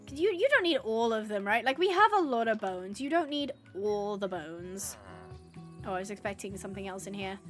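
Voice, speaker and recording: A woman streaming live gameplay, chatting to the viewers and the game animals and getting excited. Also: on the high side. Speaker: gaming streamer.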